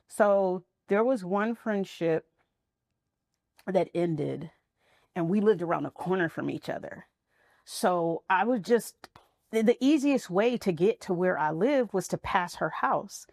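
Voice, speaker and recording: A woman's voice: lowish voice, lively intonation, measured pace, a little mellow, no room sound, studio quality. A woman guest in a candid interview, talking frankly and reflectively about motherhood and friendship.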